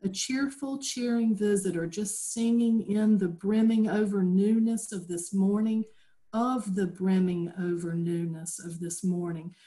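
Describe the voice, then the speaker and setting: A woman with a Southern US accent reading her own poem at an open mic over a video call, slow and reflective. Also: mid-range voice, steady tone, dark tone. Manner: slow, reflective, lingering on phrases.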